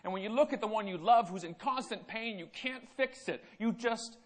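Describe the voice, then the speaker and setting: High-voiced man telling a personal story. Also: moderate pace. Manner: storytelling with swings from quiet to loud. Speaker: keynote speaker. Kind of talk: personal story told on stage.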